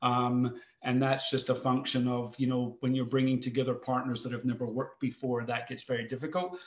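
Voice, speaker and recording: A man's voice: mid-range voice, level tone. Scottish man in an echoey room. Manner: halting, repeats words while building a point. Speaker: foundation executive, panelist. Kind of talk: panel discussion.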